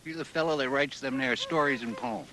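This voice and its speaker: An actor playing an eager, folksy gold-rush prospector who buttonholes a writer in a filmed drama. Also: male voice, mid-range voice, fairly quick, sharp tone, a little hiss or hum, natural voice. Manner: folksy, colloquial. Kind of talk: film drama acting.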